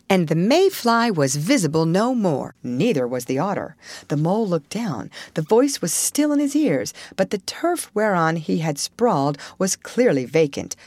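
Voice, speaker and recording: Gentle woman reading a storybook. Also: lowish voice, dry recording. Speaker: audiobook reader. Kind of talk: storybook narration.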